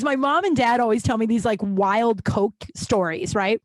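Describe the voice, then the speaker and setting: A woman's voice: on the high side, moderate pace, a little mellow, no room sound. A woman in her thirties hosting a podcast, telling candid personal stories in a rambling, self-correcting way and laughing at them. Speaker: podcast host.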